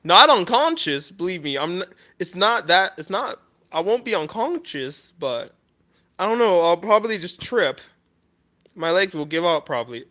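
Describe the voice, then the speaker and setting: A man talking off the cuff in a list vlog, halting and earnest, pausing often and restarting his sentences with frequent apologies. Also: high voice, very animated, sharp tone. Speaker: vlogger.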